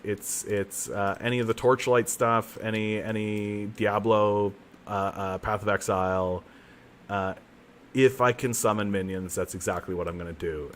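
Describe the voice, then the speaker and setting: A man from Canada streaming a video game on a new home mic setup, chatting casually in a rambling, self-mocking way with bursts of excitement. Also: on the low side, a little hiss or hum. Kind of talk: casual gaming commentary. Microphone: new desk mic.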